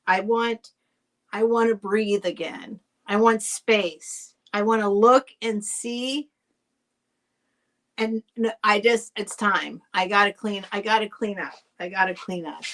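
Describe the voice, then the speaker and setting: A woman's voice: mid-range voice, fairly bright tone. A middle-aged woman chatting casually while selling items on a live stream, rambling and thanking buyers by name. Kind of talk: casual live sale chat.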